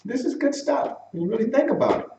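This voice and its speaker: A man's voice: very high voice, big pitch swings, fast talker, vocal fry, far from the mic, dull audio, noisy background. Echoey, off-mic man preaching a teaching sermon. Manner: conversational, questions the congregation, acts out quotes. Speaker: pastor. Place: church sanctuary.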